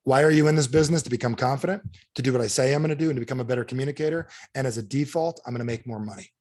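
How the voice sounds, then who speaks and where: A man's voice: medium pitch, very fast, darkish tone. A man giving a live sales training seminar as a motivational speaker, blunt and punchy, keeps quizzing the audience.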